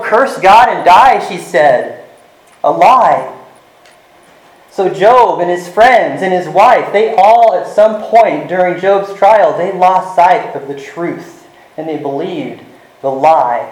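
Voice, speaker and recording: A male pastor preaching a sermon in an earnest way, slowing down and dropping to a soft voice to stress his points. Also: high voice. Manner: earnest, varies volume, slows for emphasis. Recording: echoey room.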